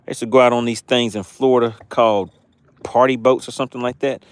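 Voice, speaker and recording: A man's voice: medium pitch, fairly even intonation, quick pace, clean tone, dry recording. A man from Georgia with a Southern accent, hosting a casual fishing livestream from a boat and chatting as he reads viewer comments. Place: on a boat on a lake outdoors.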